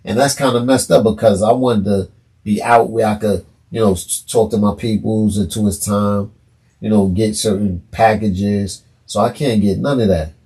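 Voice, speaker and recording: Gravelly-voiced New man telling stories. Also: fairly low pitch, normal speed. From New York. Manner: animated storyteller acting out quoted dialogue. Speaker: podcast guest. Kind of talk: casual storytelling.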